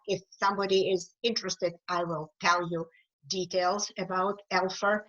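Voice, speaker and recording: A woman with a Ukrainian accent, an author speaking as a webinar guest, answering questions earnestly and with emphasis, often pausing on fillers. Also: fairly low pitch, level tone, fairly bright tone, lo-fi sound. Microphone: video call.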